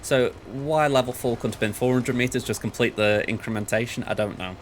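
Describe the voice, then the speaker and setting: A man talks through his gameplay in a relaxed, rambling way, thinking out loud and joking at his own expense. His voice sits in an ordinary middle pitch. A faint hum of noise runs under the recording. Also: brisk. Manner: chatty, thinks aloud; playful, self-described goofball. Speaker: let's play host. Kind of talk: gameplay commentary.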